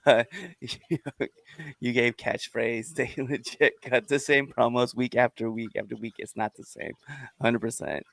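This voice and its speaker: A man hosts a wrestling podcast in a loose, animated way, laughing often between points. His voice sits at a middle pitch. The sound is dry and close, with no room around it. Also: slow pace, creaky, dry recording. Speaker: podcast host. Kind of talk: casual wrestling chat.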